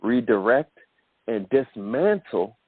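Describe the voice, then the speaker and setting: A man coaching listeners in a motivational call training, animated and calling them millionaires, heard over a phone call. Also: mid-range voice, takes it slowly, no echo. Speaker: self-development coach. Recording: dry tinny phone line.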